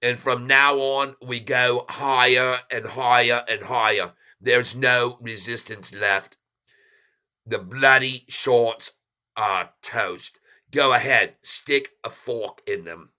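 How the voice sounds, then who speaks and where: A man voicing a swaggering English bloke with an exaggerated, clumsy English accent, loud and boastful. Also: mid-range voice, steady tone, slow, clean tone, voice pushed down. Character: brash cockney-style English bloke, swaggering adult man.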